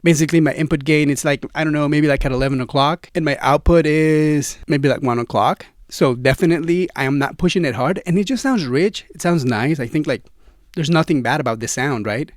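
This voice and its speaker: A man's voice: on the high side, fairly quick, dry recording. A man giving a casual, enthusiastic gear demo, talking to the viewer as a friend while he swaps studio microphones. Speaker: gear reviewer. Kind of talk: casual demo talk to camera. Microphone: studio microphones, swapped during test. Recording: dry close studio sound.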